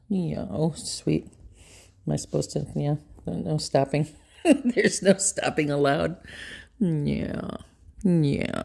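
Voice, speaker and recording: A woman's voice: sits low, slow pace, vocal fry, long pauses, darkish tone, breathy edge. A woman talking baby talk to her pets, cooing, emotional and affectionate, drawn out and sometimes dropping to a whisper.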